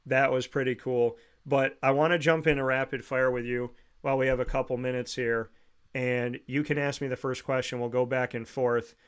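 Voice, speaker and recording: A male show host shares a heartfelt personal story with a guest, speaking casually and earnestly. His voice is smooth and clear, sitting at an ordinary middle pitch. He pauses and restarts as he reflects. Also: flat delivery. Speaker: podcast host.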